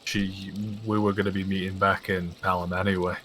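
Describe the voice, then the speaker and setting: A man playing his character in a tabletop game, earnest and reassuring, speaking deliberately. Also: deep voice, little pitch movement, fairly bright tone, a little hiss or hum. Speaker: player.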